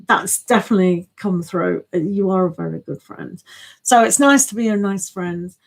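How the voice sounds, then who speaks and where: A woman's voice: mid-range voice, unhurried, vocal fry, rough recording. A woman giving a casual tarot reading on a live stream, chatty and thinking aloud, laughing often.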